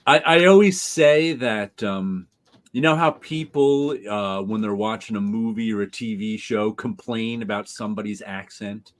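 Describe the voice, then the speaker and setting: A man's voice: fairly low pitch, a little slow. A man with a New York area accent chatting casually on a video call, telling stories and laughing often. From Rockland County, New York. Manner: animated storyteller, laughs often. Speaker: stream guest. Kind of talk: casual chat.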